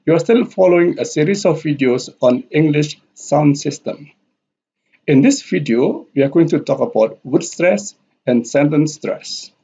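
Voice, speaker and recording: A man teaching a recorded language lesson, walking through examples on slides in a deliberate, repetitive way. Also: fairly high pitch, animated, warm tone, slightly rough. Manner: slow, deliberate, repeating examples. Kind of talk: slide-based lecture. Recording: dull lo-fi audio.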